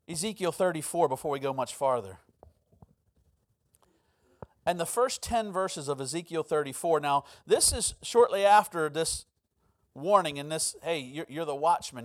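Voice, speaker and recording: A man preaching a sermon as pastor, telling a personal story with sudden swings between loud and quiet and frequent repeated words. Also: on the high side.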